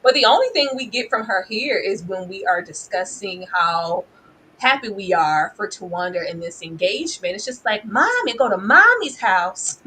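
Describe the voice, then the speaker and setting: A woman giving casual, animated commentary on a reality show, laughing often and mimicking people with exaggerated voices. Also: mid-range voice, normal speed, background noise. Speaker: reality TV reviewer.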